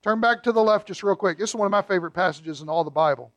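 Guy preaching, pretty high voice, dry close sound, slows way down on the scripture bits. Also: no echo, dull audio. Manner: emphatic teaching, reads scripture slowly and stresses words; conversational asides to the congregation. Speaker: pastor. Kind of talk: sermon.

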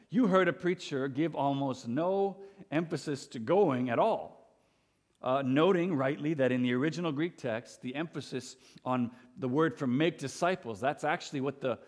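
A young man preaching a sermon as pastor, earnest and emphatic, often restarting his words. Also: mid-range voice. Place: church sanctuary. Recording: long church hall reverb.

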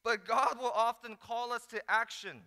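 A man preaching a sermon, telling the story with lively acted-out asides. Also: very high voice, moderate pace. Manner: animated storytelling, acts out disciples in mock voices. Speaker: pastor. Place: large hall. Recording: echoey hall.

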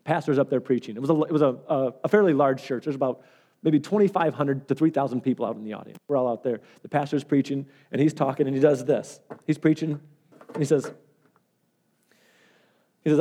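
A man's voice: medium pitch, a little fast, mellow. A male pastor preaching a sermon in an earnest, conversational way and telling stories.

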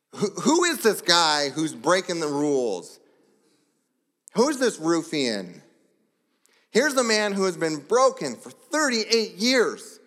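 A pastor delivering a sermon, telling the story with lively asides and brief voiced characters. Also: male voice, sits high. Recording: long hall reverb.

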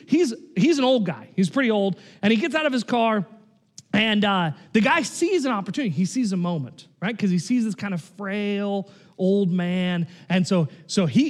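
A man preaching a sermon in a loose, conversational way, often checking in with "right?" and "like". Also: high-pitched. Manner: conversational, animated, frequent "right?" and "like". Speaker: pastor.

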